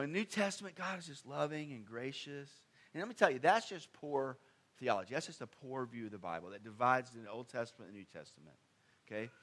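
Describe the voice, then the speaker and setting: A man preaching a sermon in a conversational style, with sudden emphatic swings in pitch and loudness. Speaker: pastor.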